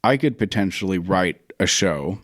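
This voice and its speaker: Male interview guest, writer-director type, low voice, close and dry sound, reflective storyteller who quotes himself. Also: animated, moderate pace, a bit bright, no echo. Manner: reflective storyteller who acts out his own past remarks. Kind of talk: casual interview conversation.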